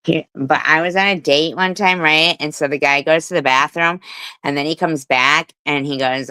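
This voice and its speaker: A woman's voice: sits low, steady tone, normal speed, bright, forceful tone, clear, resonant tone, dry recording, low-quality recording. A middle-aged woman hosting a live stream, telling a rambling story with swearing and laughs. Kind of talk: casual live stream chat.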